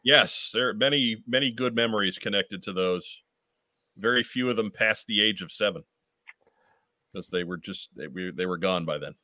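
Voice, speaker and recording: A man hosting a casual live chat show, relaxed and steering the talk between guests. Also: fairly low pitch, normal speed. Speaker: podcast host.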